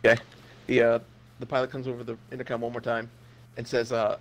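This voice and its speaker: Flat-voiced young man narrating a game. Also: medium pitch, fast, a little hiss or hum. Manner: deadpan, crude narration. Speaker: game master. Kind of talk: narrating a comedic role-play scenario.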